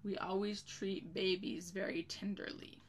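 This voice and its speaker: A woman's voice: mid-range voice, flat delivery, measured pace, a little hiss or hum. A woman teaching a children's spelling lesson, patiently spelling each word letter by letter and checking in with "okay?".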